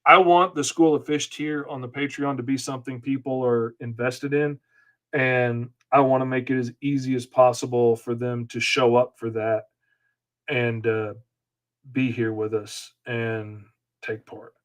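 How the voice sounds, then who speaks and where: A man's voice: medium pitch, steady tone, measured pace. A man hosting a live comic-inking lesson, chatting casually and rambling in a self-deprecating way while he works and answers viewers. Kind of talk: casual live-stream chat while working.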